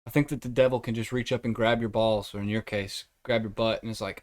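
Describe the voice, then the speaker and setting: A man's voice: on the low side, steady tone, quick pace, hardly any pauses. A young man hosting a casual podcast, rambling and joking, swearing freely. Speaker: podcast host.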